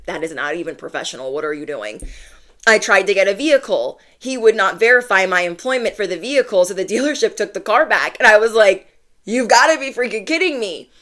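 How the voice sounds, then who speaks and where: A young woman talks straight to her audience in a casual storytelling vlog. She is blunt and full of slang. She slips into the voices of the people in her story as she goes. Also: medium pitch. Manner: animated, acts out quoted voices, slangy and blunt. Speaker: spiritual content creator.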